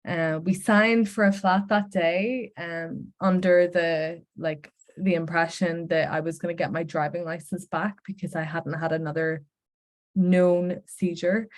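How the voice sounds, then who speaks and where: A woman with a Northern Irish accent tells her personal testimony, earnest and heartfelt. Her voice sits on the lower side. She speaks with plain conviction about faith. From Northern Ireland.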